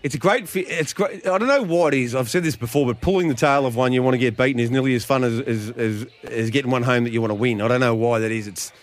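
A man's voice: medium pitch, fast, hardly any pauses. A man hosting a live radio racing show, bantering and throwing to breaks. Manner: chatty, joking, throws to breaks.

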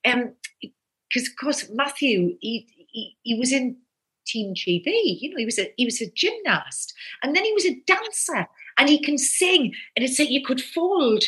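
A woman, chatting animatedly about her acting days and telling lively stories. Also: high voice, normal speed. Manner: animated, lively storytelling with quoted outbursts. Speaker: actress and guest. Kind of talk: casual conversation.

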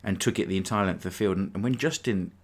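A man with a low voice talks quickly as he hosts a casual sports podcast, ranting in rambling frustration about his team.

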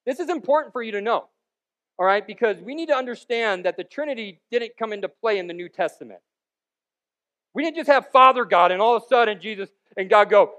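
A man preaching a sermon as pastor, with joking, rambling asides and sudden loud bursts between quieter stretches. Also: sits high, expressive, fairly quick.

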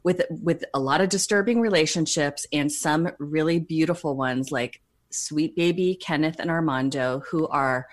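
A woman's voice: sits low, moderate pace. A woman co-hosting a podcast in casual, enthusiastic chat, laughing often.

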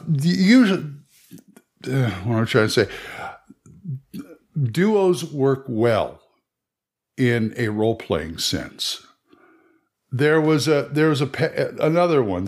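A man hosting a podcast, giving casual advice on running tabletop games in a rambling way with many restarts. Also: mid-range voice. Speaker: game master podcaster.

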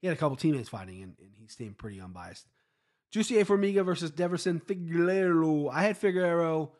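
A man's voice: on the high side, animated, fast, darkish tone. A man giving a casual solo recap of fight results, blunt and profane, rambling with frequent restarts. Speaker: MMA fight recap podcaster.

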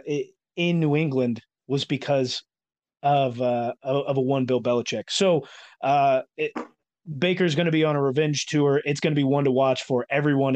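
A man's voice: medium pitch, a little mellow, no echo, dull audio. A man hosting a casual sports podcast, chatty and rambling, with many filler words. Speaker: podcast host.

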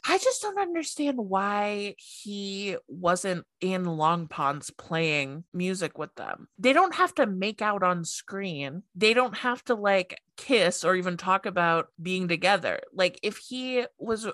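A woman's voice: medium pitch, lively intonation, takes it slowly, few pauses, fairly bright tone, no room sound, clean studio sound. A woman co-hosting a podcast in casual chat, talking loosely with many fillers and wondering aloud. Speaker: podcast co-host.

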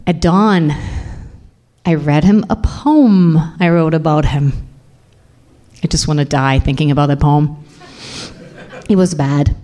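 A young woman recounts a painful chapter of her life in a confessional, intense way. Her speaking voice sits notably low. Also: slow, pauses often, mellow. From Serbia. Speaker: storyteller. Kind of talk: personal storytelling.

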